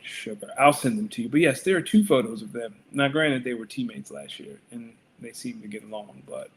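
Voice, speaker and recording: A man's voice: mid-range voice, expressive, fairly quick, a little hiss or hum. A man co-hosting a casual sports podcast, talking with wry, dry commentary. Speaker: podcast co-host. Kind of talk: casual chat.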